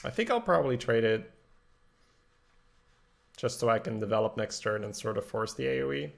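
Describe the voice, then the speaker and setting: A man's voice: medium pitch, lively intonation, normal speed, creaky. A man from Belgium, a game streamer chatting casually while thinking aloud about his plays and answering viewers. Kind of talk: casual live-stream commentary.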